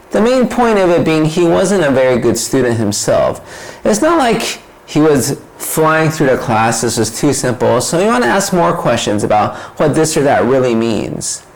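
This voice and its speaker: A man's voice: medium pitch, low-quality recording. A man giving a casual, reflective monologue as a vlogger, wandering into side stories and asking rhetorical questions. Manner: conversational, digressive with rhetorical questions. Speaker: vlogger explaining ideas.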